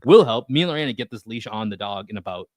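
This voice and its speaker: A man's voice: on the low side, lively intonation, racing, dry recording. A man co-hosting a podcast, telling a story in casual chat, acting out quotes and swearing freely. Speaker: podcast co-host.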